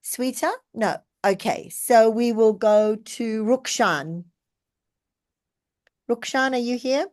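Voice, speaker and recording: A woman's voice: a little high, takes it slowly, darkish tone. A woman leads an online English lesson, talking in a chatty, encouraging way. She calls on her students one by one over a video call. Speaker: English teacher.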